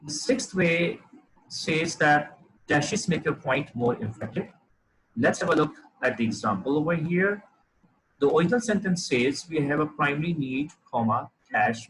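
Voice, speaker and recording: A man teaching a lesson on clear writing, explaining examples step by step with frequent fillers and restarts. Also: a little high, a bit bright, poor audio. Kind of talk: lecture on writing.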